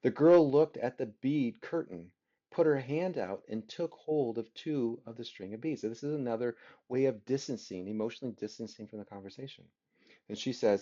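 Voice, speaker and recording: A man's voice: medium pitch, moderate pace, warm tone. A man teaching a literature class, talking through a story and often checking in with his listeners by asking "right?". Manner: keeps asking the listeners rhetorical "right?" questions. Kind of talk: recorded class lecture. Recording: dull lo-fi recording.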